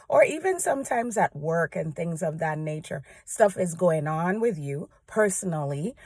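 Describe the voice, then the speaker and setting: A woman's voice: lowish voice, darkish tone, dry recording, clean studio sound. A woman speaking earnestly and heartfelt in a conversational devotional talk to camera, often checking in with "right?". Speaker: church praise team member sharing encouragement.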